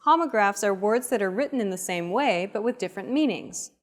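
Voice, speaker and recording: A woman narrating a scripted grammar lesson, explaining the rules in a clear, measured way. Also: medium pitch, lively intonation. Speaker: language teacher.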